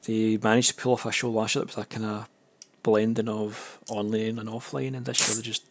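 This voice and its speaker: A lower-pitched man talks loosely to his stream audience, his throat slightly raspy and his nose stuffed up. He wanders through his thoughts with lots of "um"s and false starts, in a relaxed, casual chat. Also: brisk, a little hiss or hum. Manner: rambling, many fillers and restarts.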